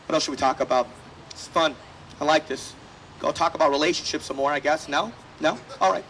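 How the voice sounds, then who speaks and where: A man's voice: a little high, a little fast, fairly bright tone, slight background noise, low-quality recording. A man doing a brash, profane stand-up set at an outdoor festival stage, slipping into voices for the people in his stories. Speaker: stand-up comedian.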